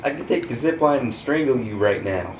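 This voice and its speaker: Deadpan sarcastic teen boy. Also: mid-range voice, brisk. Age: teens. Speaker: guest. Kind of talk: casual podcast chat. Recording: echoey room, light noise.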